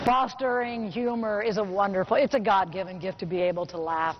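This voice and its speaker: A middle-aged woman giving a motivational keynote speech to a business audience, telling a personal story and slowing down to stress key points. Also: medium pitch, very animated. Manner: personal storytelling, slows down for emphasis. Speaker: motivational speaker. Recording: muffled recording with faint hiss.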